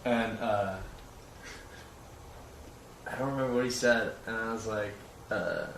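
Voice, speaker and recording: A man's voice: fairly low pitch, unhurried, vocal fry, long pauses, far from the mic. A young man in his twenties telling a casual story on a livestream, laughing often and saying "like" a lot. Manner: animated, laughing, lots of "like". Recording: roomy, from the mic, noisy.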